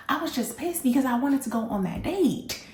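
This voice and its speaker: A woman hosting a candid storytelling vlog, telling her story in an animated, blunt way and speaking straight to her audience. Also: sits high, normal speed, roomy sound, slight background noise. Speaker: vlog host.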